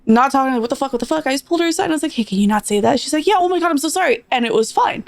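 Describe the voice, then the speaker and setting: A young woman with a higher voice chats casually on a podcast, friendly and quick to laugh. Her voice is recorded close and dry, with no room sound. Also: animated, creaky, no room sound. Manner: chatty, laughing, supportive. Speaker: podcast co-host. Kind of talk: casual chat.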